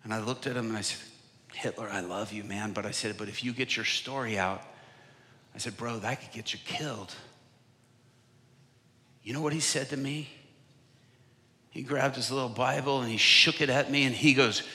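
A man preaching at a conference, telling a story that swings from hushed whispers to loud, impassioned bursts. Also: medium pitch, normal speed, pauses often. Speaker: evangelist. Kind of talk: sermon storytelling. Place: conference stage. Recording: large hall with long reverb.

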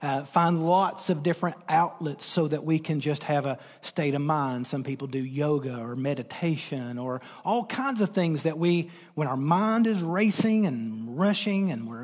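A man preaching a sermon in a fairly high voice, earnest and emphatic, leaning on repeated words between fillers. His voice rings out with a long reverb, as if in a large church hall. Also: slightly rough. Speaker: pastor.

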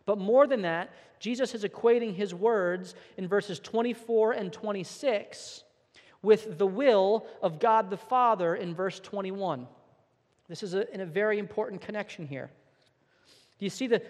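High-voiced earnest male preacher in reverberant hall. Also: normal speed, a little mellow. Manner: earnest, emphatic, with some repeated words. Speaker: pastor. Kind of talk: sermon.

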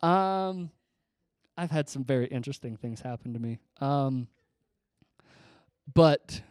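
A man's voice: medium pitch, animated, slow pace, darkish tone, no echo. A young man giving a casual storytelling sermon, rambling and self-deprecating, with lots of fillers and restarts. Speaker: preacher.

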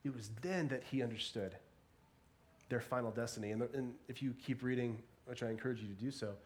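An earnest man delivers a sermon from a church stage. His voice is mid-pitched, and he alternately swells with emphasis and drops to a quiet, reflective tone. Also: a little fast. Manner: earnest, varies pace and volume for emphasis. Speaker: pastor.

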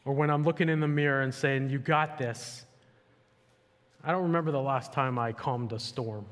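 In an echoey hall with long reverb, a male pastor preaches to a church at a moderate pace. His medium-pitched voice stays fairly even in intonation, and his casual, conversational delivery is full of "like" and "you know."

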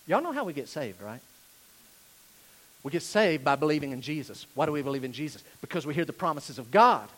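A man from North Carolina, preaching a sermon emphatically and dropping from loud declarations to hushed asides. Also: a little high, very animated, fairly quick, poor audio. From Asheville, North Carolina, USA. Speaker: pastor.

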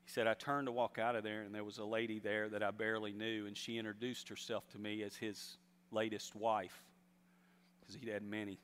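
A man's voice: on the low side, level tone, a little fast, a bit bright, smooth. Man preaching in a reverberant hall. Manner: storytelling, rising to emphatic exhortation. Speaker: pastor. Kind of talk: sermon.

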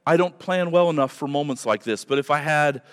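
A man's voice: on the high side, fairly quick, clean tone. Man, pastor, earnest emphatic sermon, repeated phrases, reverberant church hall.

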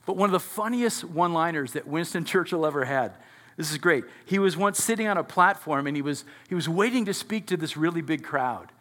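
A man with a high, bright voice preaches a sermon in a church sanctuary. He talks to his congregation conversationally and keeps checking in with questions. His voice rings out with a long reverb from the hall. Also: animated, brisk. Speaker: pastor.

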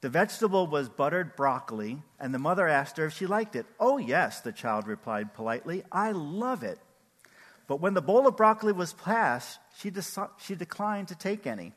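A man's voice: on the high side, brisk, hardly any pauses, big-room sound. An older man giving a conversational sermon as a pastor, asking his listeners questions. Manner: animated, conversational, asks the audience questions.

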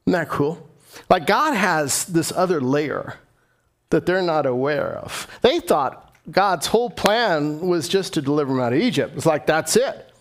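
A man's voice: a little high, lively intonation, a little slow. A middle-aged man preaching a sermon as pastor, earnest and climbing to impassioned emphasis.

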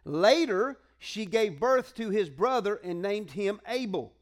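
High-voiced man preaching conversationally. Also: lively intonation, a little slow. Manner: conversational, call-and-response preaching with colloquial asides. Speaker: pastor. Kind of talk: sermon.

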